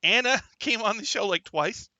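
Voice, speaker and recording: A man's voice: high-pitched, animated, normal speed, bright, forceful tone, dry recording. A man hosting a livestream talk show, chatting casually and rambling, with lots of fillers and restarts, sometimes reading viewer comments aloud. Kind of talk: casual chat.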